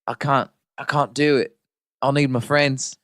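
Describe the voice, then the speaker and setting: A man's voice: medium pitch, flat delivery, measured pace, fairly bright tone, lightly acted. A man voicing a timid, frightened young male hobbit in a put-on New Zealand accent, whimpering in mockery. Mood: mock-scared.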